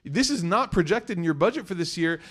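Man putting on a high, flustered money advisor. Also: animated, fairly quick. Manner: high, strained, stammering pleas. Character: flustered male financial advisor, anxious, pleading.

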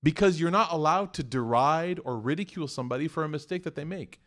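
A man giving a conversational sermon, telling a story and acting out the quoted voices with lively shifts, often checking in with "right?" and "okay?". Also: on the high side, fast talker. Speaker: Islamic preacher.

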